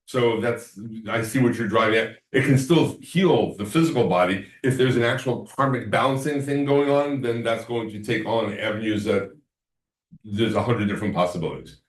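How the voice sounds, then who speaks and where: A man's voice: lowish voice, moderate pace. A man giving a casual lecture to a class, telling stories and acting out what people said. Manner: rambling storyteller, acts out quoted talk. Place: class room. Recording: echoey room from far off.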